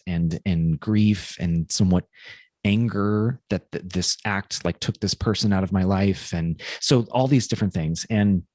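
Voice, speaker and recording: A male podcast co-host telling a personal story in a casual, thoughtful way, often halting and restarting. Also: sits low, darkish tone, no room sound, clean studio sound.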